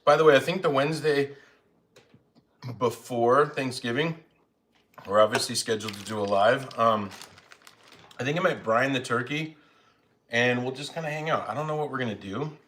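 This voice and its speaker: His mid-range, slightly bright voice moves at a moderate pace with frequent pauses. Eating during his home live stream, he chats casually, rambles and jokes at his own expense, recording on a phone.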